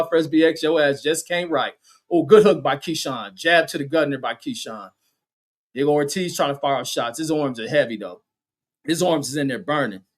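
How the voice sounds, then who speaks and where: A man doing casual, crude play-by-play commentary on a boxing livestream. He reads chat comments aloud, stumbles over "says" and "uh" fillers, and yells when punches land. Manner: shouts and jumps high in pitch at big punches and knockdowns.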